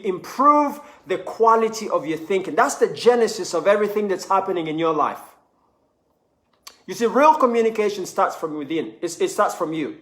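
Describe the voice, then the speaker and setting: Man, motivational speaker, high voice, energetic, repeats words, echoey room. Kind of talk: motivational talk.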